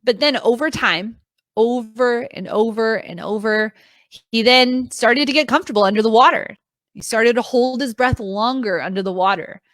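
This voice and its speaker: Woman coaching folks online, thirties, earnest and emphatic, kinda high voice, dry close mic. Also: normal speed, a bit bright, no room sound. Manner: earnest, emphatic, repeats key phrases. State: emotional, near tears at times. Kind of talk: motivational talk to a live online audience.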